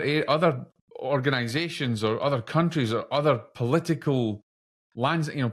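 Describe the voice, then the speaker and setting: A man with a Scottish accent hosting a podcast, building up his introduction with dramatic "imagine" appeals. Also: mid-range voice. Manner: dramatic rhetorical build-ups, repeated "imagine". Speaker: podcast host. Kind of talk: casual interview podcast.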